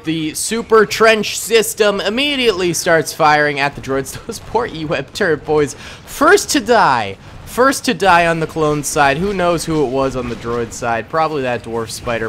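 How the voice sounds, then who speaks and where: A man's voice: a little high, animated, normal speed, fairly bright tone, slight background noise. A young man hosting a gaming channel, giving upbeat, chatty gameplay commentary and chuckling often.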